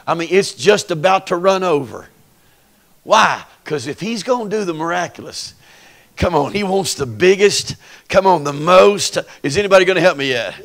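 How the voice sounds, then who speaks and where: Preacher, male, gravelly, unhurried delivery, acts out voices and draws responses from the crowd. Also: a little high, sing-song, fairly bright tone. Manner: folksy, dramatic, acts out voices, call-and-response. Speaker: pastor. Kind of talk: Pentecostal sermon.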